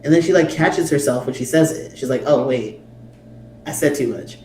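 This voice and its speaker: Guy reacting to clips, cussing and exasperated, dark mellow voice, roomy echo. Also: medium pitch, moderate pace. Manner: blunt, sweary and exasperated, reads subtitles aloud. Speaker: reaction video host. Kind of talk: casual reaction commentary. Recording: echoey room, mic at a distance, faint noise.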